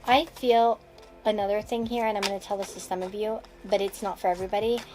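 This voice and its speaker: A woman's voice: mid-range voice, fairly even intonation, fast, music in the background, low-quality recording. Rambling woman giving a tarot reading. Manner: rambling, restarts sentences, chuckles between thoughts. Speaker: tarot card reader. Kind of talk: casual tarot reading to camera.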